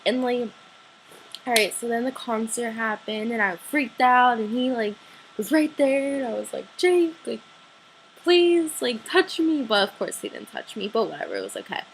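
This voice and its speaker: A teenage girl, gushing breathlessly about meeting her idol, full of likes and sudden excited squeals. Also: brisk, a little hiss or hum, rough recording. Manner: breathless gushing with many likes, jumps high when excited. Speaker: fan telling a story. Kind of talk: excited personal vlog storytelling.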